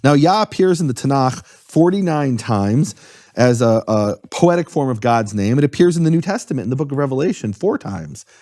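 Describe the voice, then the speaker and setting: A man's voice: medium pitch, animated, normal speed, dark tone, no room sound. A man with a mid-range voice talks through a topic in an earnest, explanatory way, defining each term as he goes. The sound is dry and close, with no room around it. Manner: earnest, explanatory, spells out terms. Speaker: guest explaining Hebrew. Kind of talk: conversational explanation.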